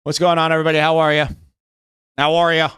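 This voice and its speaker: A man's voice: fairly high pitch, monotone, fast talker, fairly bright tone, clear, resonant tone, dry recording, clean studio sound. An American man rehearsing stand-up on a live stream, rambling and self-mocking and starting his lines over again and again. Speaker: streamer trying out stand-up jokes.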